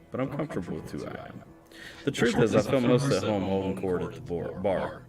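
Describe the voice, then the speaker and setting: A man reading a scary story aloud on a livestream, chatty and breaking off to talk to his viewers. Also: fairly low pitch. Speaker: streamer. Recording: roomy echo, distant mic, music behind.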